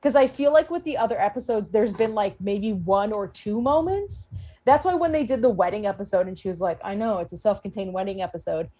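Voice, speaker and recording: Animated woman on an aftershow panel. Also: on the high side, a little fast. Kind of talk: casual panel discussion.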